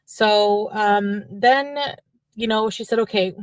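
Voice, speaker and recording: A woman's voice: mid-range voice, normal speed, dry recording. A woman from French Canada telling a long, rambling personal story in a chatty vlog style.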